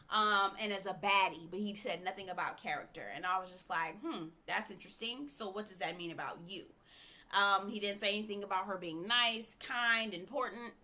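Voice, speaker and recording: A woman with a bright, forceful voice reviews TV in a frank, chatty way. She is blunt and opinionated, and her pitch sits in the middle range. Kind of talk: casual opinionated commentary.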